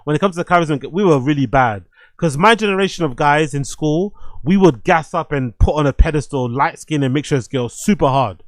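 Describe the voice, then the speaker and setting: Animated man, slightly high voice. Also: brisk, no echo. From London. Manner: animated, swears freely, laughs often, repeats phrases. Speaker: streamer host. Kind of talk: casual live-stream commentary.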